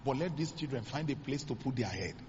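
A Nigerian man, a pastor, preaching a sermon as dramatic storytelling, acting out the dialogue with sudden high exclamations. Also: animated, fairly quick, darkish tone, long reverb tail, highs cut off, slight background noise.

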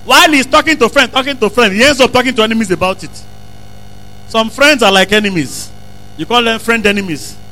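High, bright-voiced preacher. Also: male voice, a little fast, a little hiss or hum, rough recording. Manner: emphatic preaching, repeats phrases, bursts into shouts. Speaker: pastor. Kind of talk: sermon.

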